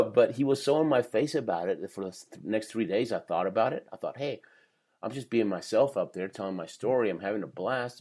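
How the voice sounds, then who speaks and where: A man in his fifties, a professional speaker, telling his life story in a podcast interview with energy and frequent laughter. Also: fairly low pitch. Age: 50s.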